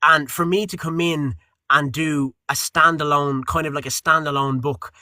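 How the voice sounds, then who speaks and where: A young Irish man, a voice actor being interviewed, telling stories in a lively way, acting out quotes and swearing casually. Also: on the high side, moderate pace, no room sound. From Ireland. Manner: animated storyteller, acts out quotes, swears casually. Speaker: guest voice actor.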